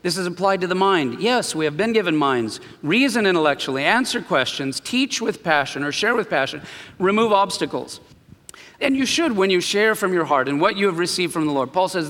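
A man preaching a sermon, telling a personal story with animated swings between quiet and loud. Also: high-pitched, fairly quick, long reverb tail. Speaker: pastor.

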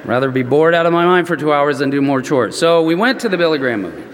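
Man, preacher, storytelling sermon, chatty, animated, high voice, long hall reverb. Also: fast, a little hiss or hum. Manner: chatty, animated, many "you know" asides.

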